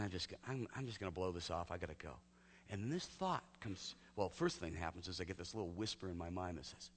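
Hushed, storytelling male pastor. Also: on the low side. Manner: conversational storytelling, often drops to hushed near-whisper. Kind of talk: sermon storytelling. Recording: long hall reverb.

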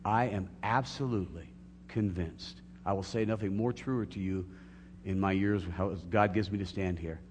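A man's voice: low-pitched, moderate pace, a little mellow. A middle-aged man preaching a sermon as a pastor, earnest and building to emphatic peaks. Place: church sanctuary. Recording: long hall reverb, faint hum.

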